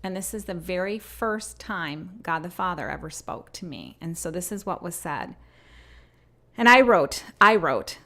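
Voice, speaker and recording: A woman in her fifties giving a personal spiritual talk, earnest, slowing down and softening when she reads her written messages. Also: on the low side, expressive. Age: 50s. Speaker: host sharing messages from prayer.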